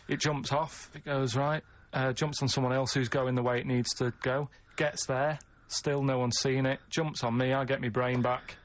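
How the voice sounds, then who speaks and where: A man on a radio show laying out an odd idea with plain, earnest deadpan delivery. He halts and restarts as he goes. The recording is muffled lo-fi with a faint hiss under it. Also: medium pitch. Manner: earnest, halting, deadpan explaining. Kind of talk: casual radio chat.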